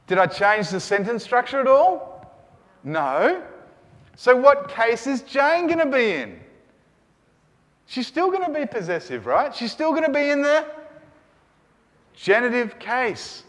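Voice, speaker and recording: Male lecturer, high and very expressive, lecture-hall reverb. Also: a little slow, pauses often. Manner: animated, checks in with the class often. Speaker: Greek language teacher. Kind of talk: classroom lecture.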